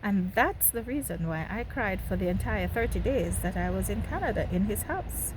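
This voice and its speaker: A woman's voice: mid-range voice, sing-song, normal speed, hardly any pauses, a little hiss or hum. A woman from Jamaica with a Jamaican accent, telling her own story in a candid monologue to her viewers and laughing between remarks. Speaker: host.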